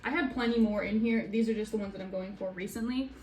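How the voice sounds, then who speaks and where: A woman's voice: mid-range voice, fast, darkish tone. A young woman narrating a makeup tutorial in a casual, sassy way, with joking asides. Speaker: beauty vlogger.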